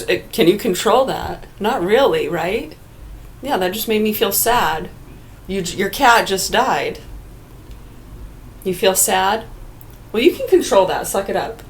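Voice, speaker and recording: Profane, blunt woman ranting. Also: medium pitch. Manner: profane, blunt, rhetorical questions; argumentative, talks to absent listeners. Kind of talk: casual ranting monologue.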